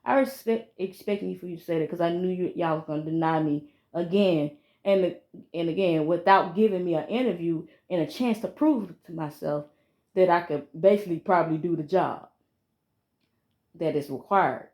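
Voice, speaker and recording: A woman's voice: lowish voice, moderate pace, a little mellow. A woman, venting emphatically to a phone camera in a casual vlog and repeating herself. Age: 30s. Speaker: vlogger.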